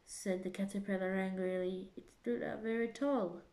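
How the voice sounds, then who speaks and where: A woman reading a simplified children's story aloud, careful and deliberate, with a few small restarts. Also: medium pitch, gravelly, dark tone, reverberant. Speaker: reader. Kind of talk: slow storybook read-aloud.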